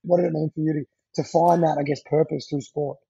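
A man's voice: fairly high pitch, steady tone, brisk, vocal fry, mellow, slightly rough, dry recording. A man co-hosting an interview, asking questions and joking with his guest. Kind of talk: casual interview. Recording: dull, lo-fi sound.

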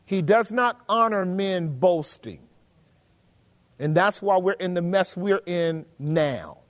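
A man's voice: high-pitched, takes it slowly. A man preaching a sermon, emphatic, often asking the congregation rhetorical questions. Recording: long hall reverb.

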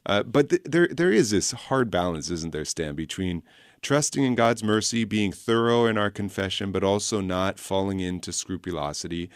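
A man, a priest guest-hosting a call-in radio show, speaking in a gentle, reassuring pastoral way with a slightly raspy voice. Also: low voice, animated, normal speed, no room sound, clean studio sound.

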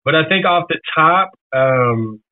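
A man's voice: fairly high pitch, lively intonation, unhurried. A man from Florida, a musician guest in a radio interview, talking earnestly and reflectively, at times emotional. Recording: tinny phone line.

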